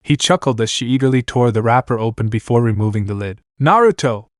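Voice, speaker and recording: A man reading a fan fiction story aloud in a steady storytelling manner. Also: medium pitch, fast talker, no echo, clean studio sound. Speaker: narrator.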